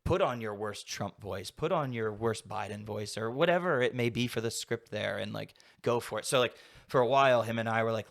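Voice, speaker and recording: Young man, podcast guest, somewhat low voice, loose rambling chat, lots of filler words. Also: a little fast, vocal fry, few pauses, a bit bright. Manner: rambling, heavy use of "like" fillers. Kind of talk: casual conversation.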